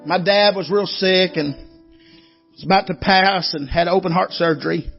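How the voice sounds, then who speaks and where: A man's voice: high-pitched, moderate pace, gravelly, dull audio, faint music behind. A man, preaching a sermon in a folksy storytelling way and calling out to the congregation. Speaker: guest preacher. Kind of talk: Southern revival sermon.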